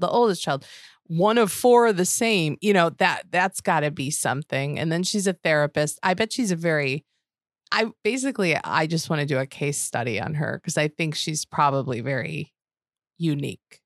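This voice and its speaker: A woman's voice: sits low, no room sound, studio quality. A woman co-hosting a casual chat podcast, telling stories with lots of laughter. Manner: animated storyteller, laughs often. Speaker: podcast co-host.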